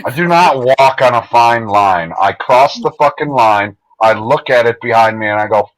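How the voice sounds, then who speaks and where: A blunt, profane man co-hosting a late-night stream. His voice sits at a middle pitch. He sounds dry and close to the mic. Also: expressive, normal speed, hardly any pauses, no room sound, low-quality recording. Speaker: podcast co-host. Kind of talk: casual livestream banter.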